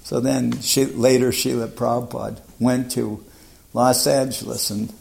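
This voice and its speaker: Older man, gravelly, storytelling reminiscence with chuckles. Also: medium pitch, little pitch movement, unhurried, darkish tone. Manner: rambling, laughs while retelling, mimics others. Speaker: devotee recalling his teacher. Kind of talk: casual reminiscence.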